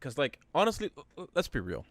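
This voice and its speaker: A man's voice: on the high side, wildly swooping pitch, no echo. Rambling man on a podcast. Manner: rambling, halting, many fillers and restarts. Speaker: podcast co-host. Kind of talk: casual chat.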